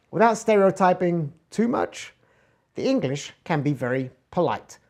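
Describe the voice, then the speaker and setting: A man teaching communication skills in an online course, swinging between loud, bright emphasis and soft, low murmurs to demonstrate tone of voice. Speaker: communication coach. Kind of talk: instructional talk from an online course.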